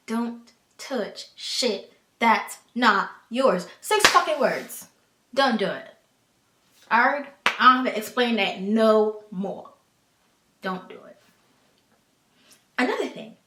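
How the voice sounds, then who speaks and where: A woman's voice: mid-range voice, fairly bright tone, echoey room. An American woman hosting a podcast, giving frank advice in a blunt, profane, exasperated way. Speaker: podcast host.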